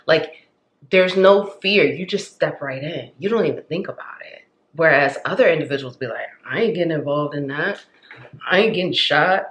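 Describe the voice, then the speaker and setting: A woman's voice: low voice, fairly bright tone. A woman giving a pick-a-card tarot reading, talking in an earnest, rambling, encouraging way with many "like"s. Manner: earnest, rambling, heavy use of "like"; passionate, encouraging. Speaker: tarot reader.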